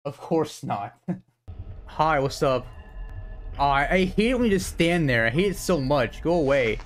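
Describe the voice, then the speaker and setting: A young man streaming a horror game, excitable and swearing, yelping and shouting whenever he gets startled. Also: fairly high pitch, unhurried, soft background music. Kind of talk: live gameplay commentary.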